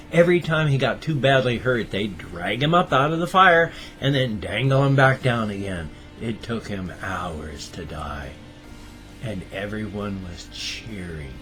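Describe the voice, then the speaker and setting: An older American man talking in a casual daily vlog, earnest and halting, breaking down in tears and apologizing. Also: medium pitch. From United States. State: crying. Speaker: vlogger.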